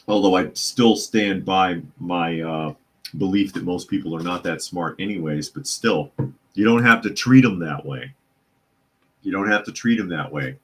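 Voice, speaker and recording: Guy with a real low voice doing a live news podcast, sarcastic, rambly, reads chat comments out loud. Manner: sarcastic, opinionated; rambling with fillers and repeats. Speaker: podcast host.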